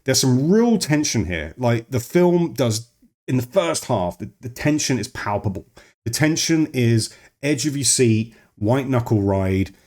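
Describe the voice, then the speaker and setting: A man reviews a film in casual chat, his mid-range voice lively in intonation, a little slow, and darkish in tone. He rambles and digresses, often stopping himself mid-sentence.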